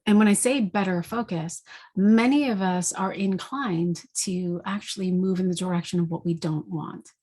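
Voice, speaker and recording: A woman giving an intuitive energy reading, calmly telling a vision in a gentle, reflective way. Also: on the low side. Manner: gentle, reflective storytelling with fillers. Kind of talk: spoken guided vision.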